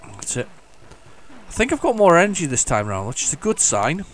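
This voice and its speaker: A man's voice: on the high side, very animated, a little fast, a little hiss or hum. A man giving casual, enthusiastic commentary while playing an old computer game, rambling and restarting his sentences. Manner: hums the game tunes along. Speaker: retro gaming video host. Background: faint retro game music.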